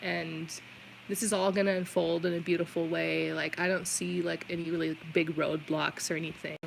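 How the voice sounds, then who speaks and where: A woman's voice: on the low side, little pitch movement, moderate pace, vocal fry, slight background noise, low-quality recording. A woman giving a tarot reading on a live stream, talking in a chatty, reassuring way with many "like" fillers. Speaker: tarot reader.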